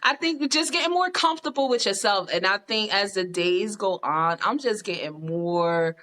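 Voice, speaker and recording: A woman's voice: mid-range voice, moderate pace. A young adult woman, a podcast guest, chatting casually and acting out the voices of people in her stories. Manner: animated storyteller who acts out other voices. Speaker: podcast guest, yoga instructor. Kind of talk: casual chat.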